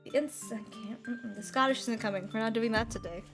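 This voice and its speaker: A woman's voice: fairly high pitch, moderate pace, pauses often. A woman giving playful, self-mocking let's play commentary and swearing now and then. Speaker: gaming streamer. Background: game music.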